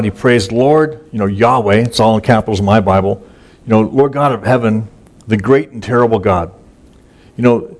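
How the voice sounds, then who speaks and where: A man preaching a conversational sermon that is casual and folksy, with many fillers and repeated words. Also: on the low side. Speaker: pastor. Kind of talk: sermon, conversational Bible teaching.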